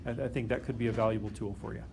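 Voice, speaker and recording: A man's voice: fairly low pitch, steady tone, racing, gravelly, noisy background. A man teaching a calculus lesson to a class, often stopping to question the students and check that they follow. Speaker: math teacher.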